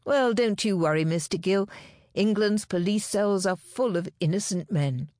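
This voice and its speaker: A woman voicing a bold, cheerful female private detective in an audiobook, with a brisk, sarcastic manner. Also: mid-range voice, darkish tone, no echo, clean studio sound, pitched above the performer's own voice, natural voice.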